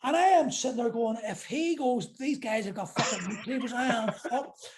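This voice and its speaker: Irish guy, high voice, loud animated storyteller, swears a lot, podcast guest. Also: moderate pace, background noise. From Ireland. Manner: animated, laughing, heavy swearing. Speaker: podcast guest, MMA fighter. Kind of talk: casual storytelling.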